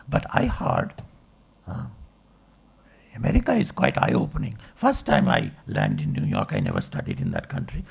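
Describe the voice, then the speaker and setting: Gravelly husky man lecturing. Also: medium pitch, darkish tone. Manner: discursive, asks rhetorical checks like okay and right. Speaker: philosophy professor giving a lecture. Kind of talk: public lecture.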